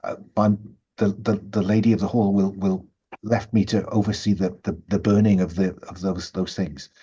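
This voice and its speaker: A man voicing a timid, frightened female servant in a tabletop game; she stammers, repeats her words and keeps her voice hushed. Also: deep voice, level tone, moderate pace, breathy edge. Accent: Saxon-accented, as a stranger in the village. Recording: dull lo-fi sound.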